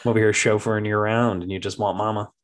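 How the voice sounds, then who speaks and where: A young man chatting casually as a podcast guest, telling animated parenting stories and mimicking his toddler in a high voice. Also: rapid-fire. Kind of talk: casual chat.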